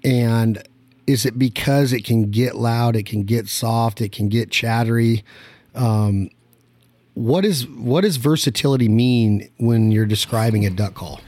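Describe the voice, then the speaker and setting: A man's voice: medium pitch, a little mellow, no echo. A man from Nevada hosting a hunting podcast, chatting casually and joking with his guest. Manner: joking, teasing, rapid banter. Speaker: podcast host. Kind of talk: casual podcast chat and sponsor reads.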